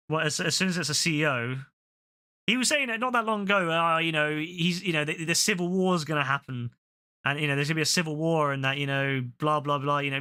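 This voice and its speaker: A man's voice: fairly high pitch, bright, forceful tone, clear, resonant tone. A young man ranting and swearing during casual live-stream chat, often repeating himself as he goes. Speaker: game streamer.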